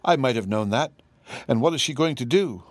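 A man's voice: mid-range voice, lively intonation, fairly quick, no echo, natural voice. A man reading an audiobook, voicing an eager, earnest young girl.

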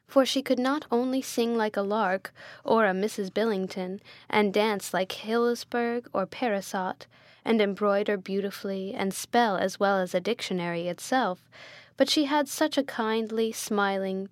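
Recorded close and dry with no trace of room sound, a woman with a mid-range voice narrates a classic novel for an audiobook, keeping her delivery measured and formal.

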